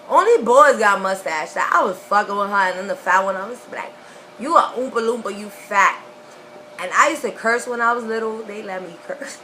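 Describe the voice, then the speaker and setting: Young woman swearing her way thru a storytime, bright sharp voice, little room hiss. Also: mid-range voice, rough recording. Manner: profane, animated storytelling with laughs. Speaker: vlogger. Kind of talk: casual storytime.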